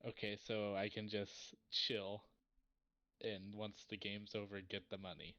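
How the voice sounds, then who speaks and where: Low-voiced male player on dull audio. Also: level tone, unhurried, bright, forceful tone. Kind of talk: tabletop role-play.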